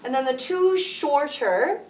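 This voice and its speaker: A woman music teacher explaining rhythm slowly and patiently, counting beats out loud. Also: sits high, animated, far from the mic. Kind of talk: rhythm tutorial with counting aloud. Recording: echoey room, voice from off mic.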